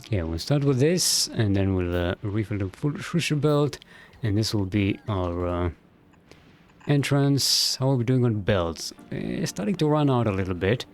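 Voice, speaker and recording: A man's voice: on the low side, lively intonation, normal speed, a little hiss or hum. A man streaming a factory game, thinking aloud in a loose, rambling way and swearing now and then. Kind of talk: casual gameplay commentary.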